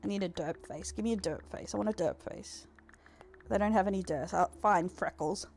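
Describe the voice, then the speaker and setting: A woman's voice: medium pitch, a little fast, creaky, a little mellow, slight background noise. Foul-mouthed Australian woman streamer. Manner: swearing, teasing her chat. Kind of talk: live-streamed gameplay chat.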